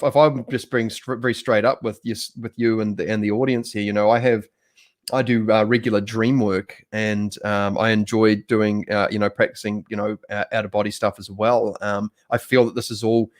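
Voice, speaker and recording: A man's voice: fairly low pitch, level tone, moderate pace. A man from New Zealand hosting a casual livestream conversation, talking in a rambling, hesitant way with many restarts. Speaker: host.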